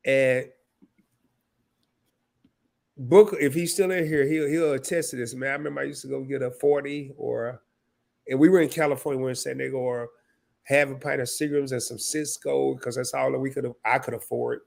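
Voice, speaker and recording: A man's voice: medium pitch, fairly even intonation, a little fast, vocal fry, darkish tone. A man in his fifties hosting a live stream, casual and emotional, sniffling and stammering through restarts as he talks. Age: 50s.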